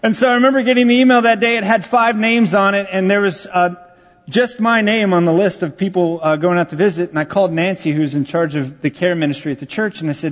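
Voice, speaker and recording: A man's voice: high voice, fast, big-room sound, muffled recording. A man, a pastor telling a personal story in a conversational, self-deprecating sermon. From Texas, USA.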